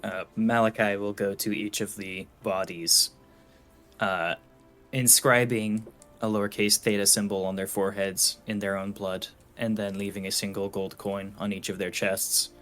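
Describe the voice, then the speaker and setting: A man playing a tabletop role-playing game, calmly describing his character's actions. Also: fairly low pitch, normal speed, faint music behind. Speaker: player.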